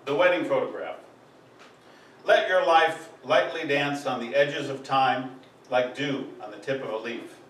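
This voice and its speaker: A man's voice: medium pitch, a little slow, fairly bright tone, slight background noise. A man giving a live poetry reading, with a rhythmic, emphatic delivery that drives through long lists. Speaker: poet. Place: live poetry event venue. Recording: echoey room, distant mic, faint ambience.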